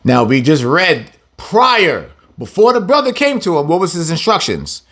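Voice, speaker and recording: Animated, slangy male Bible teacher. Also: a little high, normal speed. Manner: animated, slangy, laughs often, reads verses then paraphrases. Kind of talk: informal scripture lesson.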